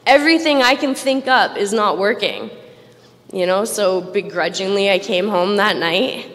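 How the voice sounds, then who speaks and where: A woman's voice: medium pitch, animated, measured pace, fairly bright tone. Woman, recovery share, candid and self-mocking, mid-range voice, long hall reverb. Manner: candid, self-mocking, laughs between lines. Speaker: speaker at a recovery roundup. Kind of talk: personal recovery testimony. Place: large event hall.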